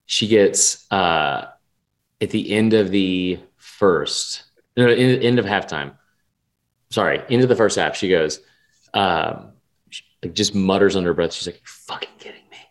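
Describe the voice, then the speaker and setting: A man's voice: deep voice, a little slow, long pauses. Rambling, profane young man on a podcast. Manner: rambling, profane, lots of restarts and fillers. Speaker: podcast co-host. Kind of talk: casual sports betting chat.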